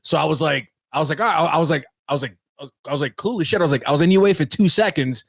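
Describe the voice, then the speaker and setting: A young man co-hosting a podcast, telling a story in casual chat with lots of swearing and animated retelling. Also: fairly high pitch, racing, gravelly, dry recording. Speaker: podcast co-host.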